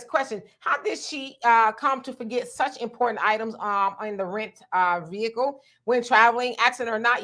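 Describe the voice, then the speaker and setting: Hosting a live talk stream, a woman tells stories energetically, laughs often, and reads viewer comments aloud. Her voice is on the high side and a little bright.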